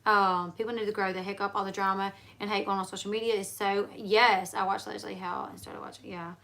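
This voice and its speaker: A woman's voice: medium pitch, level tone, brisk, fairly bright tone. A woman hosting a casual livestream chat, telling rambling stories with many fillers and restarts. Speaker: livestream host.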